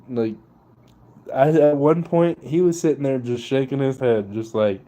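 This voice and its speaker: A man's voice: mid-range voice, normal speed, dark tone. Profane young man ranting. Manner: profane, laughing, slangy. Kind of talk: casual political rant.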